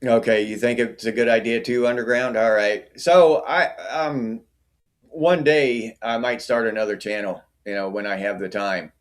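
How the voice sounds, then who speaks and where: A man's voice: mid-range voice, fairly even intonation, normal speed. A middle-aged man hosting a casual livestream, chatting and answering viewer comments by name. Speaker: livestream host.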